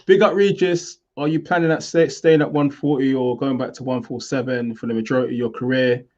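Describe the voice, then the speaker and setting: Upbeat host, dull lo-fi sound. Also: male voice, medium pitch, steady tone, a little fast. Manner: upbeat, reading fan questions and shout-outs. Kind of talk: casual chat, live show hosting.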